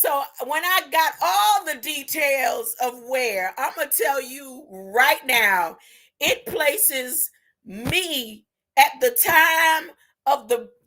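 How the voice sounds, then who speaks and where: High, bright-voiced woman preaching slowly. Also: expressive. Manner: emphatic, tags points with a rising "huh?"; drawn-out, deliberate phrasing with sudden loud bursts. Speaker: spiritual video preacher. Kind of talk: impassioned spiritual monologue.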